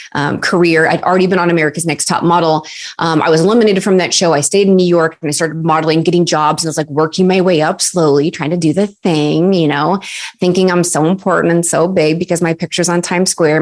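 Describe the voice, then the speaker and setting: Woman in her 30s, lowish voice, chatty and animated, lots of "like" and "um", acts out the people she quotes. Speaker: podcast guest, success coach. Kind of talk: casual interview storytelling.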